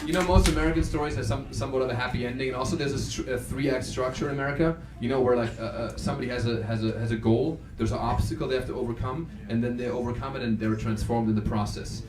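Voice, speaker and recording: A man's voice: mid-range voice, fast, few pauses. A man from Germany doing stand-up comedy, telling a story and tagging lines with "yeah?". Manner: storytelling with frequent "yeah?" tags. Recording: echoey live room with crowd noise.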